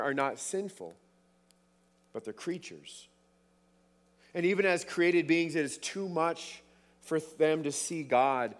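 Man, preacher, sermon, emphatic repetition, slightly high voice, long hall reverb. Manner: emphatic, repeats words for stress.

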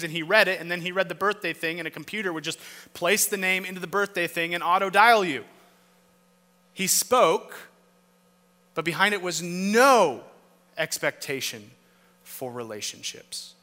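Male pastor, slightly high and sharp-toned, emphatic sermon delivery, long hall reverb. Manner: emphatic, rhetorical questions, swings from loud to hushed.

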